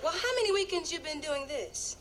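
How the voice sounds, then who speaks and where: An actress playing a poised, polite businesswoman in a sitcom clip with clear background noise. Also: high-pitched, lively intonation, a little fast. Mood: puzzled.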